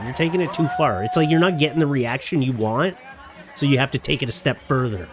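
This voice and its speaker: A man's voice: medium pitch, fairly quick, music in the background, a crowd in the background. Sarcastic man reacting to clips. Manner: sarcastic, chatty, mock-scolding. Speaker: YouTube reaction commentator. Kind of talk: casual reaction commentary.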